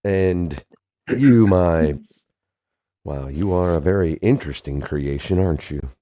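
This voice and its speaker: A man's voice: low-pitched, unhurried, dark tone. A man voicing a courteous, formal male ship captain in a tabletop game. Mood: courtly. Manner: genteel, formal phrasing.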